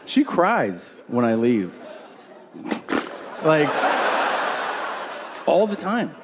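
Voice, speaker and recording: Animated, profane stand-up comic in his forties. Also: a little high, slow, long pauses. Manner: profane, animated storytelling with acted-out quotes. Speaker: stand-up comedian. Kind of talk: live stand-up set. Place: stage before a live audience. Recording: live stage recording with crowd noise.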